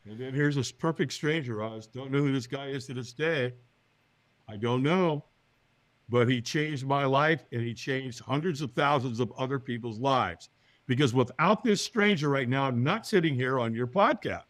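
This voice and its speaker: A man telling a personal story as a podcast guest, acting out the other people's lines in higher voices and often checking in with "right?". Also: moderate pace, no echo. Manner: acts out quoted voices, often with a higher pitch; lively, talks to the listener with "right?".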